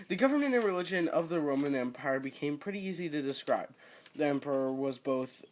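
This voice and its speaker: A man's voice: on the high side, animated, fairly quick. A man reading a school report aloud, stumbling over words and slipping in joking asides.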